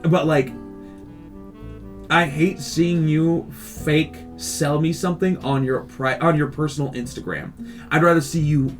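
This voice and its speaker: A man with a somewhat high voice rambles through a casual podcast chat and gets worked up into profane rants. Faint guitar music plays under the talk. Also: steady tone, measured pace. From California. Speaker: podcast host.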